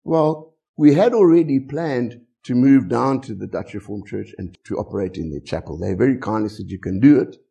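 A middle-aged man with a South African English accent, preaching a sermon with animated storytelling and many rhetorical questions. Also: mid-range voice, moderate pace, creaky, few pauses, husky. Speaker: pastor.

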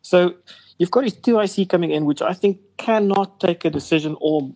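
A man's voice: high-pitched, normal speed, dark tone, low-quality recording. A man, an investment company boss, talking business in a rambling, chatty way with lots of fillers. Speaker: investment company CEO guest. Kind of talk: casual radio business interview.

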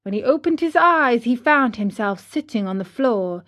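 A woman reading a classic children's story aloud in a gentle storybook narration. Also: on the high side, animated, moderate pace.

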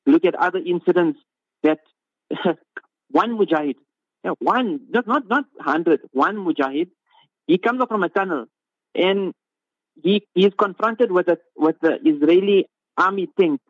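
A man's voice: high-pitched, animated, measured pace, long pauses, no echo, muffled recording. A man, an Islamic scholar, giving an impassioned religious talk, speaking emphatically with rhetorical questions and repeated phrases.

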